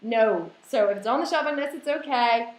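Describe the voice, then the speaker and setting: A woman fitness coach hosting a live Q&A, reading out viewer questions and going off on animated rants. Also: high voice, fast talker, roomy sound, rough recording. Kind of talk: live online Q&A.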